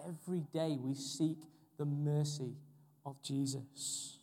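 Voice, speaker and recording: A young man delivers an earnest sermon, repeating key phrases for weight. His voice sits a touch high yet sounds dark and mellow. The recording carries a long reverb, as in a large church. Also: fairly even intonation, slow. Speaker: preacher.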